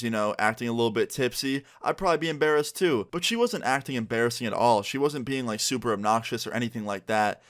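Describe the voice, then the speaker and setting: A man's voice: mid-range voice, a bit bright. A young man telling a storytime on his vlog, casual and full of filler words. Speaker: vlogger.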